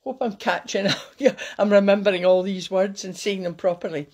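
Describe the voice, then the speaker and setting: A woman giving a light, cheeky talk to her viewers and slowing down to recite verse. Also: mid-range voice, steady tone, a little mellow. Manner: cheeky, playful, slows down to recite. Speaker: host giving a Burns Supper talk. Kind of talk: casual talk with poetry recitation.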